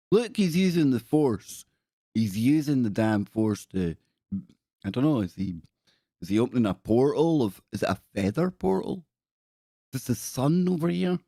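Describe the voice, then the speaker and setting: A man's voice: fairly low pitch, a little mellow, no room sound, clean studio sound. Jokey man hosting a live stream. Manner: jokey, rambling, reads captions aloud. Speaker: live-stream show host. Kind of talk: casual live-stream commentary.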